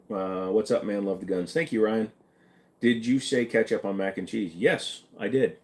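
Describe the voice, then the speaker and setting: Reading out questions from his chat, a deep-voiced man gives blunt, jokey replies on a casual live stream. He speaks at a normal speed, his low, darkish voice carrying an easygoing tone.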